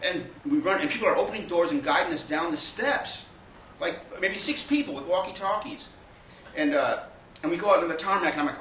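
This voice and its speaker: A man's voice: on the high side, lively intonation, fairly bright tone. A man spins a meandering anecdote live on a small stage, his mid-range voice caught by a distant mic. The room rings with echo, and a faint hum of ambience sits under him. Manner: rambling, anecdotal, halting with restarts. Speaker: storyteller. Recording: echoey live room from far off.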